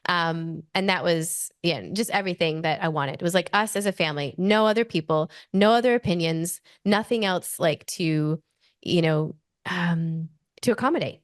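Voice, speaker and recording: A woman in her forties with an Australian accent, a podcast guest telling a personal story in an animated way, full of "like" fillers. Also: on the low side, no echo, clean studio sound. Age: 40s.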